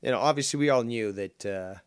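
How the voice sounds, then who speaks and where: A man hosting a drama commentary stream, rambling and sarcastic with frequent swearing. His voice sits at a middling pitch and sounds dry and close, with no room around it. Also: brisk, clear, resonant tone, no room sound. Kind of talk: casual commentary on a clip.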